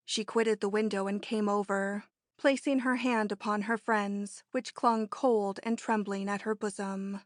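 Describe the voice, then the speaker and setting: A woman narrating an audiobook in a measured, even storytelling manner on a close mic. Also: mid-range voice, dry recording. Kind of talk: scripted narration.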